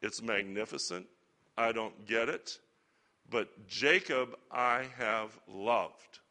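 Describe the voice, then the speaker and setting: A man teaching a Bible lesson to a church group in a relaxed, conversational sermon style with chatty asides. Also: fairly low pitch, slow pace. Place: church or lecture hall with slides.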